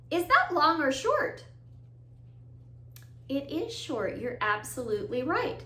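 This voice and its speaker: A woman's voice: high voice, wildly swooping pitch, measured pace, long pauses, pushed and bright. A woman teaching a children's music lesson. She talks straight to the kids, encouraging, sing-song, and sometimes breaks into song and animal sounds. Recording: roomy echo.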